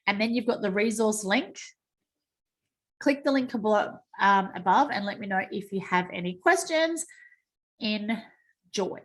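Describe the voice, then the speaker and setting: A woman's voice: medium pitch, animated, moderate pace. Chatty Australian woman on a call. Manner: chatty, self-mocking, exclaims over slips. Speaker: team call host. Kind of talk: screen-share training call. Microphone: video call.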